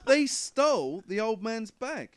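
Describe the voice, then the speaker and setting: A man's voice: very high-pitched, sing-song, measured pace. A man, a podcast host, telling stories in casual chat, swearing freely and laughing often.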